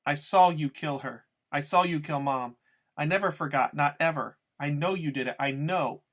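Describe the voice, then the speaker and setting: A frantic teenage boy cries out in a storybook reading, as a man voices him. His pleas and accusations come loud and raised, breaking out of the calmer telling around them. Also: a little high, normal speed. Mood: accusing. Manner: shouting, pleading. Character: desperate teenage boy screaming at his father.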